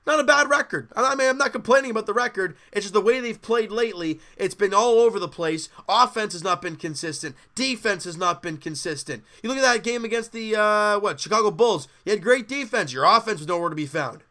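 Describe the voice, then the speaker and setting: A man's voice: sits high, animated, brisk, few pauses, sharp tone. A man hosting a sports podcast, candidly and exasperatedly breaking down a live basketball game like a fan. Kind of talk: casual live game commentary.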